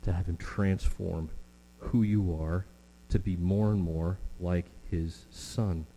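A middle-aged man preaching a sermon with earnest, drawn-out emphasis and frequent fillers. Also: low voice, fairly even intonation, dark tone. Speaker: pastor. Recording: long hall reverb with mains hum.

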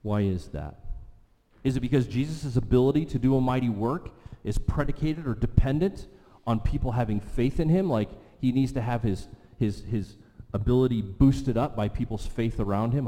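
A man's voice: medium pitch, normal speed, dark tone. A man preaching a sermon, emphatic, repeating key lines for weight. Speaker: pastor. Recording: long reverb of a large hall.

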